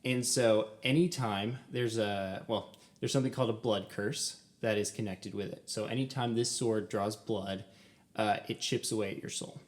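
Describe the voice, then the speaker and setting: Young man, podcast co-host, fairly low voice, excitable, laughs often, lots of "um"s. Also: moderate pace. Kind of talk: casual film discussion.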